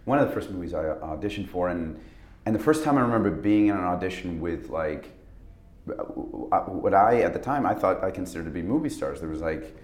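Man, deep voice, actor guest, rambling anecdotes, laughing, roomy echo. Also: expressive, brisk, darkish tone. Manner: rambling, laughing, full of restarts. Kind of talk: casual interview chat.

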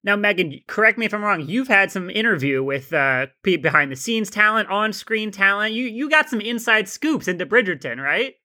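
Bright, upbeat podcast host. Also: medium pitch, lively intonation, normal speed, hardly any pauses. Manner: upbeat, encouraging interviewer. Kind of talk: casual podcast chat.

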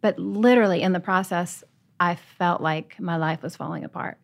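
A woman's voice: lowish voice, normal speed, gravelly. A woman author guest telling a personal story earnestly and with animation.

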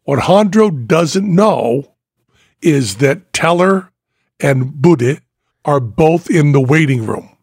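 A man hosting a podcast, telling a story in an animated, casual way and laughing as he goes. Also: on the high side, takes it slowly, dry recording, studio quality. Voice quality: gravelly and husky. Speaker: podcast host.

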